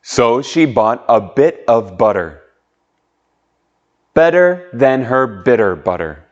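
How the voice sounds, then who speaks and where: A man's voice: mid-range voice, big pitch swings, slow pace. A man teaching an online English pronunciation lesson, patiently drawing out sounds and leading drills. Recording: muffled lo-fi audio.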